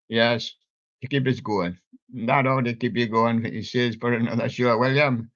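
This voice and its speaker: A man's voice: medium pitch, steady tone, unhurried, a bit bright. An older man hosting a live stream alone, rambling through jokey wordplay, chuckling and talking to his props. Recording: dull lo-fi stream audio.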